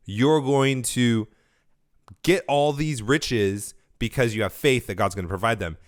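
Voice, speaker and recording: This is a man hosting a podcast by himself, speaking in a casual, rambling way. He corrects himself mid-phrase and drifts between thoughts. A cold he is getting over has left his throat dry. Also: medium pitch. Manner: rambling, self-correcting, conversational. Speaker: podcast host. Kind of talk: casual solo podcast commentary.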